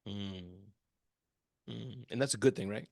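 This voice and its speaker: A man talking as a guest in a casual interview, animated and acting out little quotes as he tells stories. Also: fairly low pitch, a little slow, creaky, no echo, clean studio sound. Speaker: guest, small business speaker.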